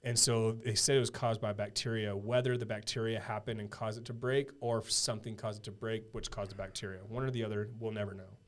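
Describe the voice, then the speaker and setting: A man in his thirties, a podcast guest telling a personal story in a casual, earnest way, full of halting restarts and fillers. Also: on the low side, little pitch movement.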